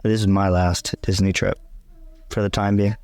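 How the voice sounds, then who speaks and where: A man in his thirties chatting casually with his wife, a wry, animated storyteller. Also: low voice, normal speed, no room sound. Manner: wry, animated storyteller, self-described non-Disney person. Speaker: co-host, husband. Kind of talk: casual chat.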